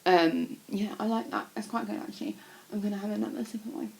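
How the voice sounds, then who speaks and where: A woman's voice: mid-range voice, very animated, quick pace, creaky, a little mellow, slight background noise. Chatty young woman vlogging. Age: young adult. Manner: chatty, rambling, swears casually, many fillers. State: sick with a cold. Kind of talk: casual chat to camera.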